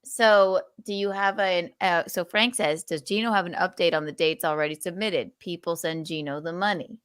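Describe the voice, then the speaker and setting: A woman's voice: lowish voice, moderate pace, clear, resonant tone, no room sound, clean studio sound. A woman chatting on a podcast, playfully teasing and pressing with questions. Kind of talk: casual chat.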